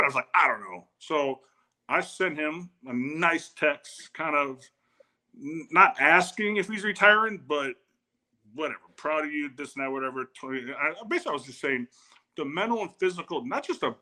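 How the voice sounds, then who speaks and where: A man in his forties with a bright, forceful voice, spinning animated stories in casual conversation. He restarts sentences and slips into the voices of the people he quotes. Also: fairly high pitch. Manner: animated anecdotes with repeated starts, quotes others. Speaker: guest, former football tight end. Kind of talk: casual storytelling chat.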